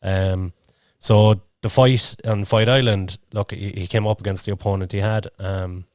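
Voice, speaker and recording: A man's voice: fairly low pitch, fairly even intonation, moderate pace, a little mellow, no echo, studio quality. A man co-hosting a podcast, chatting casually in a rambling way with lots of fillers. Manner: rambling, filler-heavy storytelling. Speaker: podcast co-host and interviewer.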